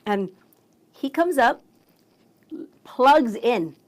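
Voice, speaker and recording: A woman, a radio emcee, telling a story as a guest in a bubbly, excitable way, acting out the voices of the people in it. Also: fairly high pitch, drawn-out words. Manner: bubbly, excitable, acts out quotes. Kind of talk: animated storytelling in conversation.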